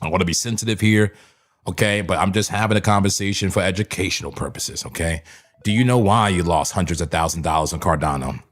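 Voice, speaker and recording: A man's voice: sits low, fast. A man hosting a live crypto trading stream, talking through charts in a loose, chuckling way and slipping into a mock preacher's call-and-response. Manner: animated, preachy mock-sermon bursts with chuckles. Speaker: crypto trading livestream host.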